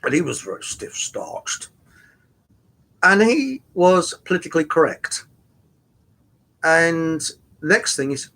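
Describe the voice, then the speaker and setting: Older male guest, husky and raised in pitch, halting anecdotal storyteller. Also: big pitch swings, a bit bright. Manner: rambling, halting with many fillers and restarts; chuckles through his stories. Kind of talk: anecdotal casual chat.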